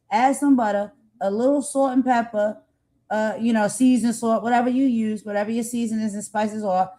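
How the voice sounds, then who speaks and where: A woman's voice: on the high side, mellow. A woman hosting a live cooking stream in a casual, chatty way, reading viewer comments aloud and rambling with filler phrases. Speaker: cooking channel host.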